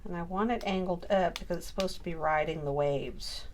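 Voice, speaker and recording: A woman's voice: on the low side, a little fast, a little mellow, slight background noise. A middle-aged woman from Maine chatting casually as she makes a scrapbook page, often muttering to herself while she works. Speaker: crafting YouTuber. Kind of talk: casual crafting chat to camera.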